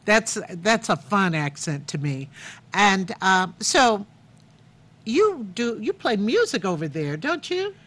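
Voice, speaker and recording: A woman's voice: mid-range voice, sing-song, slow, a bit bright. An older woman hosting a chatty TV interview, effusive and repeating words for emphasis. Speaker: talk show host.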